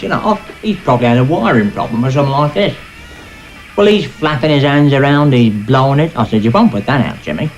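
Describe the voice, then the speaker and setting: A man's voice: medium pitch, close to an everyday voice, low-quality recording. An actor playing a grumbling, matter-of-fact man, telling a story in a sketch comedy monologue.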